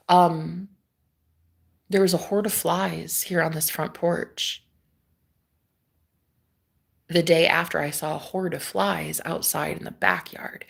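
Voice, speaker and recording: Gravelly, bright-voiced woman rambling on stream. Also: deep voice. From Iowa, USA. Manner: rambling, lots of fillers and repeats, swears, laughs often. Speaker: livestream host reading chat. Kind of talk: casual live-stream chat.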